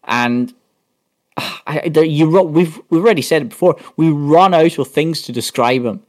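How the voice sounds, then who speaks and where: A man's voice: on the high side, normal speed. A man on a sports podcast, chatting casually and rambling through game stats with many restarts. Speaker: podcast panelist.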